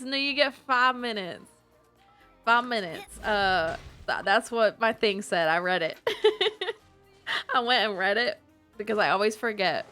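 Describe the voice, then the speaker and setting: This is a woman putting on a country cowgirl voice, and the accent is deliberately rough and unconvincing. She talks slowly, with a gravelly edge, and keeps restarting her sentences. Faint music plays underneath. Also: mid-range voice, fairly bright tone. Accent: put-on Southern US country. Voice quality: self-admittedly clumsy put-on twang, halting. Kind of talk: live stream chat in a put-on accent.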